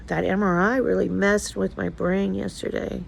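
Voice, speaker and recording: A woman's voice: medium pitch, flat delivery, moderate pace, creaky, a little hiss or hum, poor audio. An older woman talking casually in a personal vlog, emotional and rambling as she confides in her viewers. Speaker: vlogger.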